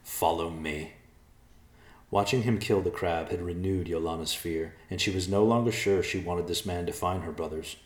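Deep low guy reading a story, steady and measured, echoey room. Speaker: narrator. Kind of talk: storybook narration.

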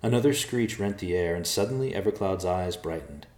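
A man narrating a storybook aloud in an expressive way. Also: deep voice, a little fast. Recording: roomy echo.

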